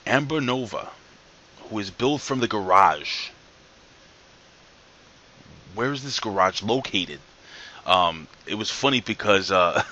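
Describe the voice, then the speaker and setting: A man's voice: lowish voice, bright, forceful tone. A man giving a casual, rambling wrestling show recap, joking, swearing and ribbing someone off camera, tired from working late at night. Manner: jokey, rambling, swears, asks off-camera crew.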